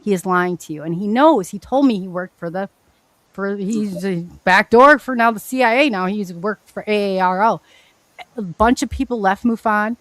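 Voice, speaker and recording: A woman guest telling her story in a casual, animated, rambling way, often restarting her sentences. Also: mid-range voice, normal speed, no echo. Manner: animated, rambling, frequent restarts and self-corrections.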